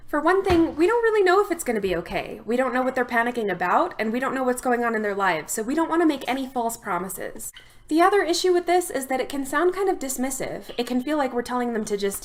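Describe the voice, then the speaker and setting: A young adult woman therapist speaks to her viewers in a calm, steady, instructional manner. Her voice sits a little on the higher side, and she lays out each step evenly and clearly. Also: fast talker. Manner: calm, steady explanatory delivery. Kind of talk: instructional talk to camera.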